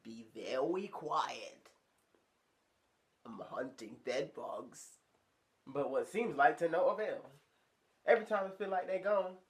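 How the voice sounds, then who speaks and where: A young man telling a story to his viewers in a casual, slangy, animated way, sounding stuffy from a sinus infection. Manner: animated, slangy, acts out high squeaky voices in quotes. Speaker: vlogger.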